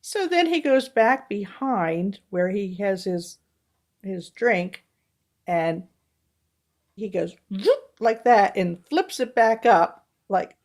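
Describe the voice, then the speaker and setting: A woman co-hosting a casual film review chat, retelling movie scenes with animated storytelling. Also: mid-range voice, takes it slowly. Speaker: podcast co-host.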